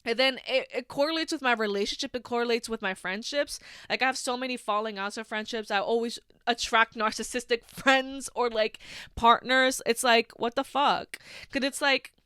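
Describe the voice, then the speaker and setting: A woman's voice: on the high side, moderate pace, sharp tone, smooth, no echo, clean studio sound. A woman in her twenties hosting a solo podcast, talking frankly and with a lot of swearing and "like" fillers. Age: 20s. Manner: frank and heavily profane, full of "like" fillers. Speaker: podcast host. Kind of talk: candid solo podcast monologue.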